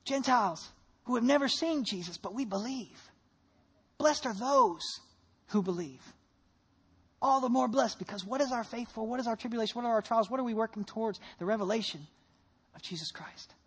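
A husky-voiced pastor preaches a little fast in church, narrating a story with spirited rhetorical questions. He lowers his voice to a soft murmur for prayer.

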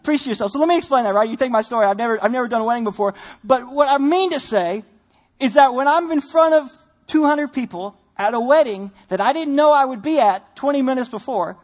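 A young man preaching a sermon, telling a personal story in an animated, self-deprecating way. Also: very high-pitched, fast talker. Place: church sanctuary.

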